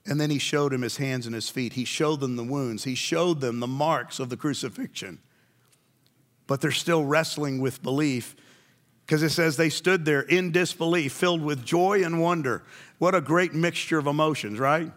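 A man's voice: a little high, moderate pace, fairly bright tone. A man preaching a sermon, telling the story in a conversational way and asking his listeners questions.

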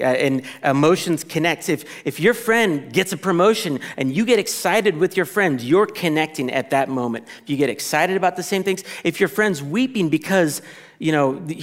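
A man preaching a sermon to a congregation in a conversational, animated way, often restarting his sentences and acting out quoted reactions. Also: fairly high pitch. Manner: conversational, animated, self-interrupting, with playful quoted asides. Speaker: pastor.

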